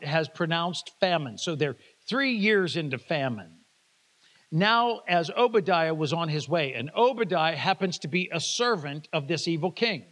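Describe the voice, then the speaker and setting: A man's voice: sits high, a bit bright. A man preaching a sermon, reading scripture and retelling it in casual everyday words, asking the congregation to repeat phrases. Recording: reverberant hall.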